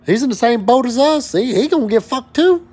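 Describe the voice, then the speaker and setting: A man's voice: extremely high pitch, expressive, a little fast, a little mellow, breathy edge. A man, an oil and gas worker ranting angrily to camera, swearing heavily and stumbling over repeated words. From West Texas. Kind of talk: angry profane rant to camera.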